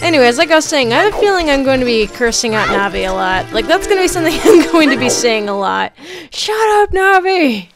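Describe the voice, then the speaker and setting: A woman's voice: a little high, expressive, fast talker, hardly any pauses. A young woman talking casually over a game she is playing, joking, swearing and stammering. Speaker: gameplay streamer. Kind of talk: casual let's play commentary. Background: game music.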